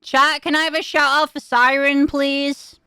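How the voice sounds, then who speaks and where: A woman's voice: high-pitched, little pitch movement, unhurried, pushed and bright, dry recording, studio quality. A young woman streaming, chatting casually with her viewers, giggling often and swearing freely. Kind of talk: casual chat.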